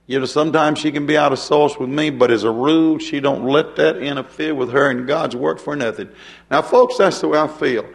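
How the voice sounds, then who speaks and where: A man's voice: on the high side, fairly even intonation, brisk. An older man preaching a folksy sermon, chuckling and turning to the congregation with asides.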